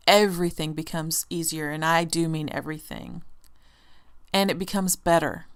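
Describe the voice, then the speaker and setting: A woman hosting a self-help podcast, speaking in a gentle, earnest, encouraging way and softening for quiet affirmations. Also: mid-range voice. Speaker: podcast host. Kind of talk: motivational self-help monologue.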